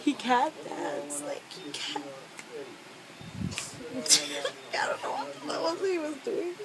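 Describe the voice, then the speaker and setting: A woman's voice: a little high, slow pace, vocal fry, a crowd in the background, poor audio. Giggly young woman vlogging at night. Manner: giggly, excitable, talks in bursts. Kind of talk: casual vlog chat. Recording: music playing in background.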